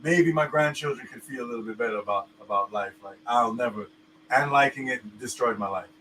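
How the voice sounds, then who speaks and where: A man's voice: medium pitch, brisk, bright, forceful tone, slight background noise, poor audio. A man co-hosting a casual podcast, reacting with sarcastic disbelief. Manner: sarcastic, incredulous. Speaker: podcast co-host. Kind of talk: casual chat.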